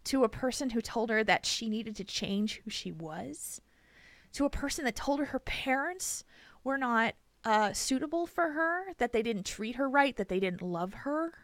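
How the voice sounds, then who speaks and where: A woman hosting a podcast, telling a story in an animated, emphatic way and laughing often. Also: on the high side, moderate pace, no echo. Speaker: podcast host. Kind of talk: casual chat, storytelling.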